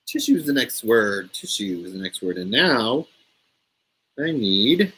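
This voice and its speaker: A man's voice: on the low side, very animated, a little slow, a bit bright, breathy edge, low-quality recording. A man hosting a casual live stream from home, playful and laughing often as he runs a word game with viewers.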